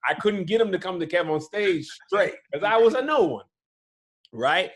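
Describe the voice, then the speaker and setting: A comedian chatting casually as a guest over a video call, with a voice that rises and falls a lot. He talks in an easy, conversational way and keeps checking in with the listener. His voice sits a bit high for a man. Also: moderate pace. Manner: relaxed, conversational, leans on "right?" and "you know what I'm saying". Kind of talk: casual interview chat.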